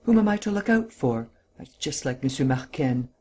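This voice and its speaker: A man's voice: medium pitch, animated, normal speed, a little mellow, close to an everyday voice. A man voicing an impatient, grumbling police inspector in a storybook reading. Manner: muttering, grumbling.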